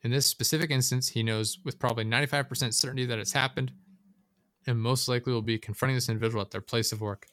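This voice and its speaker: A man's voice: mid-range voice, fairly even intonation, quick pace, fairly bright tone, dry recording, studio quality. A man hosting a casual talk show, speaking bluntly and rambling, swearing often. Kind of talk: casual chat.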